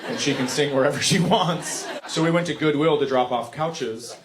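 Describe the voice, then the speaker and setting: A man doing stand-up comedy, telling family stories in a deadpan way that breaks into sung and shouted bits. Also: fairly high pitch, moderate pace. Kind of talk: stand-up storytelling.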